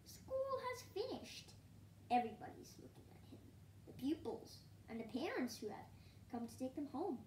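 A woman reading a children's story aloud in a gentle, hushed way that often drops near a whisper. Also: fairly high pitch, expressive, fairly quick, reverberant, a little hiss or hum.

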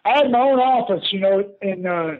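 High-voiced older man, on the phone. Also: moderate pace. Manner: lively yarn-spinner who laughs often and says "brother". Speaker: guest, retired pro wrestler. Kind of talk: animated storytelling in an interview. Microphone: phone call. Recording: tinny phone line.

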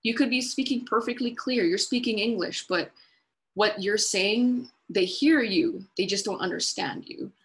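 A woman's voice: mid-range voice, expressive, measured pace, fairly bright tone. A woman presenting a webinar on dementia care, explaining patiently with everyday examples and simple repeated phrases.

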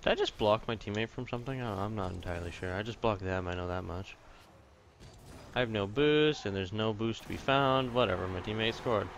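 Male gaming commentator, low voice, excitable and foul-mouthed, light background noise. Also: a little fast. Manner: swearing, excitable, chatty. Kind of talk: casual gameplay commentary.

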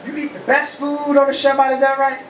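A rabbi gives a lively call-and-response sermon, asking the congregation questions and shouting praise. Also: male voice, extremely high pitch, a little fast, slight background noise. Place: humid, warm house of worship. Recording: echoey hall, mic far off.

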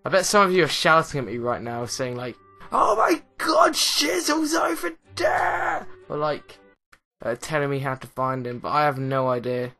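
A man's voice: medium pitch, a little fast, soft background music. Young English man rambling over gameplay. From England. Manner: rambling, excitable, self-mocking. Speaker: gaming commentator. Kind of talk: let's play commentary.

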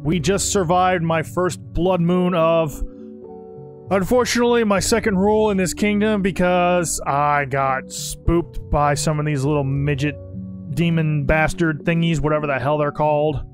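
A young man giving joking, animated commentary while playing a game, swearing and talking to the characters. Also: fairly high pitch, unhurried, soft background music. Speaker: gaming channel host. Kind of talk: casual gameplay commentary.

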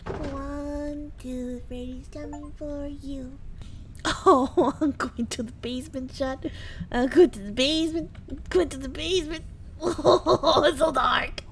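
A young woman with a high, steady voice who takes things slowly streams a horror game, giving casual live commentary. She lets out jumpy shrieks, swears and trades teasing banter, with slight background noise.

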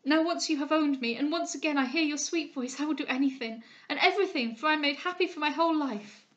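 A woman's voice: high-pitched, quick pace, voice pushed up, lightly acted. Woman doing a gushing young maid. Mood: overjoyed. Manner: effusive, breathless with joy. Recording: dull lo-fi recording.

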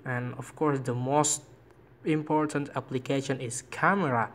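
A man vlogging casually about phone apps, speaking halting English with frequent restarts and searches for words. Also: medium pitch, steady tone. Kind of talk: casual phone-app vlog.

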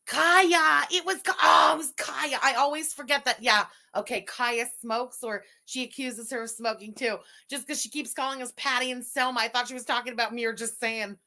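A woman's voice: on the high side, steady tone, normal speed, creaky, hardly any pauses, bright, forceful tone. A woman hosting a commentary stream, reacting to a livestream clip in a mocking, sarcastic way. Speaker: commentary host.

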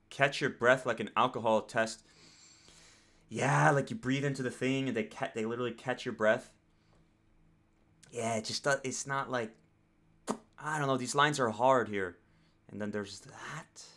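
A man's voice: medium pitch, fairly bright tone. Rambling American man reacting. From United States. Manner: rambling, lots of fillers and self-corrections. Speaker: reaction video host. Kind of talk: casual commentary.

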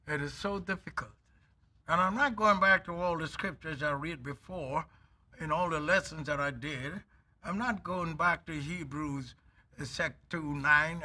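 A man preaching a sermon as an elder, emphatic and drawn out, with sudden loud bursts. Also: fairly high pitch.

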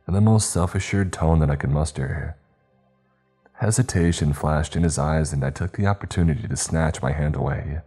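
A man narrating a horror story in a measured, tense way. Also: very deep voice, mellow, slightly rough. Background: faint background music.

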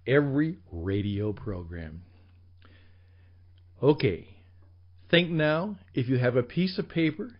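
A man teaching sales on his radio show, his voice rising and falling with lively swings in pitch. He speaks slowly and emphatically, sometimes dropping to a whisper. The recording sounds slightly dull and lo-fi. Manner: emphatic, with dramatic drops to whispers. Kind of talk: animated instructional talk.

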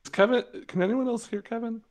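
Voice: medium pitch, fairly even intonation, quick pace. A player on voice chat who rambles as he explains what he saw in the game. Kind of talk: casual voice-chat banter.

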